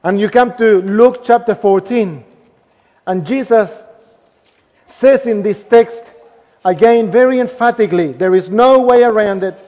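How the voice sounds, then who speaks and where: A man with a strikingly high voice preaches a sermon, pressing his points hard and then letting each phrase fade to a hush. The recording is dull and lo-fi, with a long reverb from the church hall. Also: measured pace. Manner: emphatic, trailing off softly at phrase ends.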